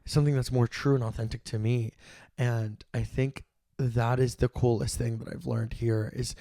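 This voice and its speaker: A young woman from Texas co-hosting a podcast, talking in an animated, playful way, laughing often and sometimes loud. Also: a bass voice, normal speed, vocal fry, no room sound, clean studio sound. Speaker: podcast co-host. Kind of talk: casual chat.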